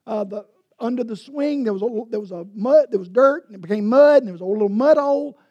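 A woman preaching a sermon in a storytelling way, swinging from loud passages to hushed whispers. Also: fairly high pitch, fast, lo-fi sound.

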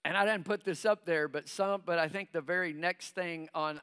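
A man's voice: a little high, fairly even intonation, moderate pace, few pauses, bright, forceful tone, smooth. A middle-aged man preaching a sermon to his congregation. He breaks in with call-and-response asides and acts out the voices of nervous believers. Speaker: pastor.

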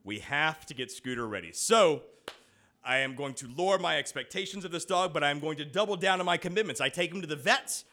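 Lively, bright-voiced man telling a story. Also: fairly high pitch, fairly quick. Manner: animated storytelling, acts out quoted voices. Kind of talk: personal anecdote told to an audience.

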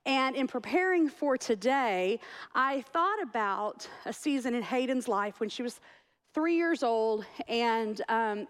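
A woman delivers a sermon in a church. Her voice sits high, and she tells her stories in a chatty, joking way, often teasing herself. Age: 40s. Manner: chatty, self-deprecating storytelling. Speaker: pastor.

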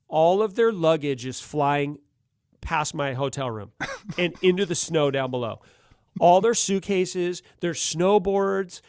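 A man's voice: a little high, vocal fry, no room sound. Middle-aged guy spinning a crazy road story, voice jumping all over, laughs a lot, super dry close mic. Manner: laughs often, animated, slangy ("dude", "gnarly"). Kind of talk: casual storytelling.

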